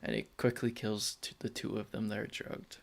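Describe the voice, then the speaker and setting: A man's voice: lowish voice, fairly even intonation, normal speed, creaky. A man co-hosting a casual movie-review podcast, giggling often as he eagerly explains the lore. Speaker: podcast co-host.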